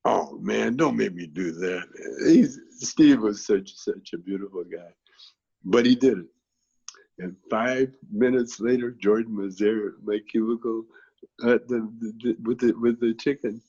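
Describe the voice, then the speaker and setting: A man's voice: on the low side, measured pace, mellow, slightly rough, highs cut off. A man being interviewed who tells long, rambling stories in a laid-back way, with plenty of filler phrases. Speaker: guest, actor and comedian.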